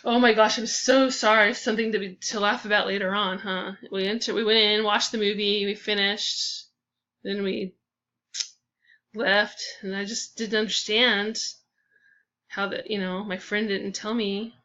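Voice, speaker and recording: Woman storyteller, bright and expressive, casual delivery, lo-fi audio. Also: mid-range voice, a little slow. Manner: expressive, acts out dialogue with sighs and gasps.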